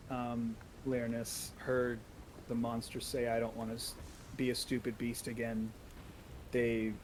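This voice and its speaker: A man playing a tabletop game, calmly describing how his character's posture and mood change. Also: medium pitch, a little hiss or hum, low-quality recording. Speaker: player.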